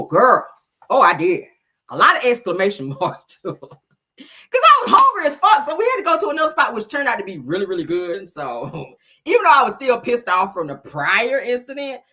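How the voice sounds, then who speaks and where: A woman with a husky, bright voice holds forth in casual chat, full of swearing and storytelling. Her pitch swings widely as she talks. She sounds middle-aged and hosts her own show. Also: a little fast. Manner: animated, profane storytelling. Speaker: host.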